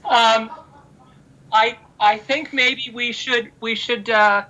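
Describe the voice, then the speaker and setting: Woman interviewer with a slow, halting delivery and a crisp tone, on dull lo-fi audio. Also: on the high side, fairly even intonation, sharp tone. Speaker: interviewer, host of the event. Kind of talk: warm closing remarks. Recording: dull lo-fi sound.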